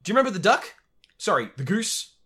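A man's voice: high voice, sing-song, fast talker, pushed and bright. A man co-hosting a podcast, chatting casually and piling on trivia about voice actors while laughing easily. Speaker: podcast co-host. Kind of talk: casual chat.

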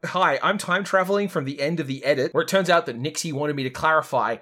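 A man's voice: a little high, quick pace, a bit bright. A man co-hosting a podcast, chatting casually in a dry, offhand way and laughing easily. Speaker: podcast co-host. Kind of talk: casual chat.

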